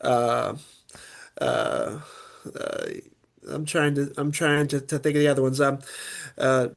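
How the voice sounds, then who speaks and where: A man, a guest opera tenor from Pennsylvania, chatting casually in an interview and explaining things in a halting way, with many restarts and filler words. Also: mid-range voice, steady tone, creaky. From Pennsylvania, USA.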